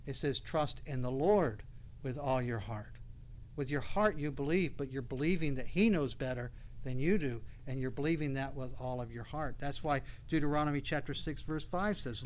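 Pastor guy preaching a sermon, kinda high voice, gets loud and fired up quoting scripture. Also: steady tone, normal speed, hardly any pauses. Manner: preaching with rising passionate outbursts, quoting scripture.

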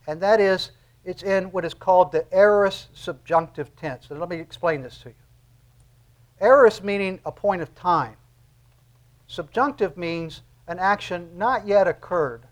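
A man preaching a sermon in an earnest, conversational way, repeating key phrases for emphasis. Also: fairly high pitch.

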